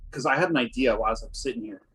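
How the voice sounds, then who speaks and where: A man's voice: mid-range voice, racing, a bit bright, husky. A man playing a tabletop game, planning his character's turn hesitantly with many ums. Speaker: player. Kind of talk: casual tabletop game talk.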